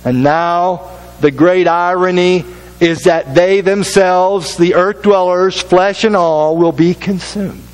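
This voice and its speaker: Male pastor, fairly high voice, emphatic sermon delivery with repeated phrases. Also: fairly even intonation, slow, low-quality recording.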